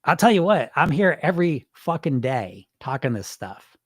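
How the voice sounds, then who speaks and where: Man, weight-loss podcast host, blunt, swears, high lively voice. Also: moderate pace, dry recording, clean studio sound. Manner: blunt, profane, animated and emphatic. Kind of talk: unscripted podcast monologue reading listener comments.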